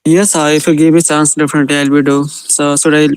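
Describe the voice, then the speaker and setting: Smooth-voiced learner reading aloud haltingly. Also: male voice, fairly high pitch, little pitch movement, dry recording, poor audio. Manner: reads haltingly, with non-native grammar. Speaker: student in an online class. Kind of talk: reading aloud and casual chat.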